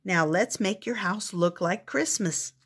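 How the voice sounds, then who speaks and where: An older woman voicing a kind, brave young girl in a storybook, speaking firmly and patiently with a husky voice. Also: mid-range voice, unhurried, a bit bright. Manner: firm, patient, explaining.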